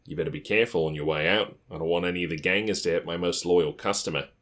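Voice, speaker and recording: A man's voice: low voice, quick pace, fairly bright tone. A man voicing a cheerful, streetwise male tape dealer with a faint accent, talking in a friendly, conspiratorial way in an audiobook. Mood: jovial. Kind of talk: audiobook character voice.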